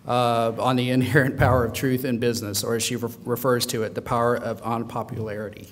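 A man at a podium introduces the speaker, stumbling over his words with plenty of fillers. His mid-pitched voice rings through a large hall with a long echo. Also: flat delivery. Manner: halting, with many uh and um. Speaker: event host introducing the speaker. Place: large meeting room. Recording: echoey hall with long reverb.

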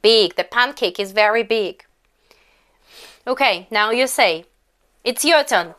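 Russian-accented young woman teaching english to little kids, super slow and sing-song, keeps asking them to repeat. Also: fairly high pitch, expressive, fairly bright tone. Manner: slow, exaggerated, coaxing delivery with prompts to repeat. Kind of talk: children's English lesson with a story.

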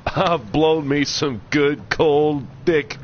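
A man's voice: on the high side, muffled recording, slight background noise. A man hosting a gaming channel, giving goofy, joking commentary while he plays. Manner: goofy, joking, slow and lively. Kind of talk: let's play commentary.

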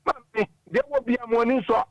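A man's voice: extremely high pitch, steady tone, brisk, no echo, lo-fi sound. A man calling in to a radio talk show, giving earnest, moralizing opinions. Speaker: caller. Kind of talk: call-in radio chat.

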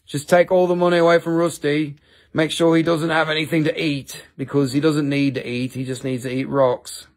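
A man's voice: on the high side, little pitch movement, normal speed. A man hosting a live selling stream, bantering and joking with viewers.

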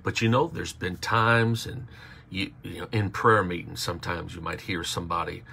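Male pastor, livestream sermon, husky gravelly voice, punchy call-and-response preaching. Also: low-pitched, fairly even intonation, normal speed, pushed and bright. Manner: preaching with repeated phrases and calls for audience response.

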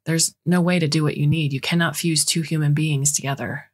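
A woman's voice: sits low, fairly even intonation, brisk. A woman reading the part of an adult son, earnest and exasperated, in a short story.

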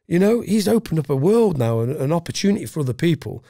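A man's voice: on the high side, big pitch swings, fast talker, vocal fry, mellow, dry recording, clean studio sound. A middle-aged man from England, a former special forces guest on a podcast, talking bluntly and casually with heavy swearing. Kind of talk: casual interview chat.

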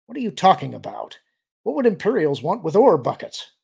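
Man playing a brash pilot, growling, impatient, gravelly, slightly high voice. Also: very animated, fairly quick, a little mellow, heavily acted.

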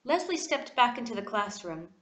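A woman reading a children's storybook aloud with expressive delivery. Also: fairly high pitch, moderate pace, reverberant. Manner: expressive, animated. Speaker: reader.

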